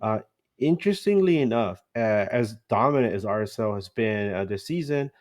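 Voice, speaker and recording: A man's voice: fairly low pitch, expressive, moderate pace. A man hosting a casual soccer podcast, chatty, with frequent fillers and easy laughs. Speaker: podcast host. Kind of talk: casual sports podcast talk.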